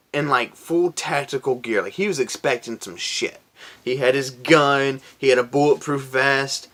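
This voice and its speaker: A man's voice: medium pitch, a bit bright. A young man from Florida telling a story to camera in a casual, profane, laid-back way, often raising his voice to quote himself. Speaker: vlogger.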